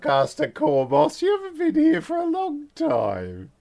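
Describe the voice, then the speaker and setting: A man voicing a cheeky, gushing half-gnome woman who runs an inn, in a high squeaky falsetto and flattering tone. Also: unhurried, vocal fry, heavily acted. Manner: gushing and flattering, salty slang.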